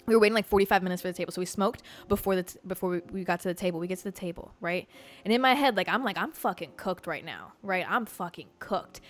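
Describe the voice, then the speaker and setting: Speaking in a mid-range voice, this woman, raised in Georgia, hosts a podcast and delivers a casual monologue. She tells her story animatedly, bluntly, and with plenty of profanity.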